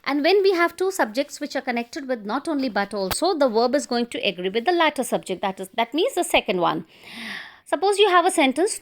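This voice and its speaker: High-voiced woman teaching grammar. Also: big pitch swings. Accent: Indian English. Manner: patient, repeats each rule and example slowly. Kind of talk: classroom grammar lecture.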